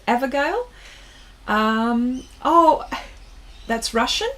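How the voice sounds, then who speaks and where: Slow-talking woman painting on a livestream. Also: mid-range voice. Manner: chatty, reads viewers' comments aloud, trails off mid-sentence while working. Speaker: art livestream host. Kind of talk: casual chat while painting.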